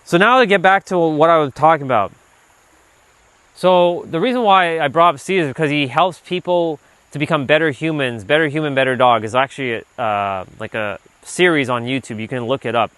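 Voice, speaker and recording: A man hosting a livestream while out on a walk, talking loosely and casually, filling his talk with "like" and now and then letting a swear slip when he gets animated. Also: a little high, a little fast, smooth, no room sound. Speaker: livestream host, self-improvement speaker. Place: outdoors on a walk. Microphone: handheld gimbal rig.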